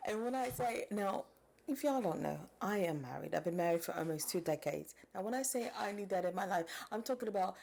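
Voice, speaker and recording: A woman in her forties giving animated, chatty reaction commentary and talking straight to her viewers. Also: mid-range voice, fairly quick, creaky.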